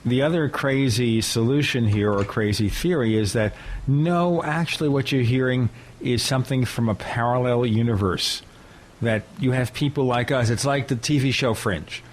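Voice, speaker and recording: A man's voice: medium pitch, normal speed, a little hiss or hum. A man hosting a podcast, asking curious, probing questions with a joking side. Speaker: podcast host. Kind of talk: casual podcast interview.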